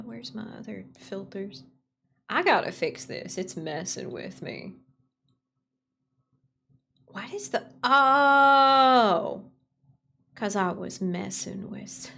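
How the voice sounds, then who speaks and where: A woman's voice: mid-range voice, gravelly, slight background noise. A young adult woman streaming, chatting casually with her chat, repeating greetings and laughing often.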